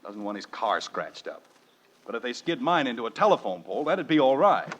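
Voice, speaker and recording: An exasperated sitcom dad. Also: male voice, mid-range voice, big pitch swings, fairly quick, a bit bright. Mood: irritated. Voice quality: dry sarcastic. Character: exasperated middle-aged family father, sardonic. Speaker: radio sitcom lead actor. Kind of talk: 1940s radio acting. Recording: dull old radio broadcast with hiss.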